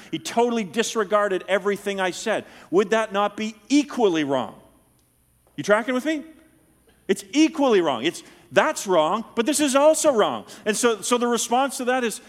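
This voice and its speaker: A middle-aged man preaching a sermon, teaching in an animated way and checking that listeners follow him. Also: high voice, normal speed, in a large hall. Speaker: pastor.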